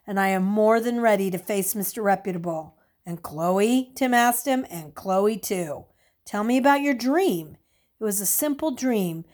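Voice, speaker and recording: Calm woman reading a story aloud. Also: a little high. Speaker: audiobook narrator. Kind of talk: scripted narration.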